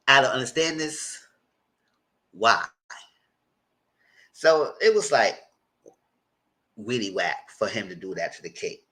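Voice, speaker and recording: A man's voice: lowish voice, slow, long pauses, low-quality recording. A man casually recapping and reviewing a reality TV episode, chatty and informal, acting out what people said. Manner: chatty, animated, retells scenes with quoted voices; informal, conversational phrasing.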